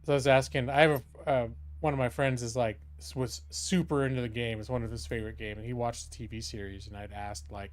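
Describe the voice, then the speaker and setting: A man's voice: medium pitch, steady tone, fast talker, hardly any pauses. Chatty male game streamer. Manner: chatty, rambling, self-interrupting. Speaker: gaming streamer and lawyer. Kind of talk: live let's-play commentary.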